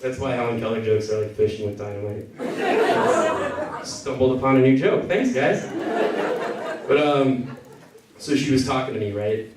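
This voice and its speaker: A man's voice: medium pitch, normal speed, pauses often, heavy background noise. A man doing a loose, rambling stand-up set that keeps correcting itself. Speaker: stand-up comedian. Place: comedy venue with a crowd. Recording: echoey room from far off. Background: audience laughter.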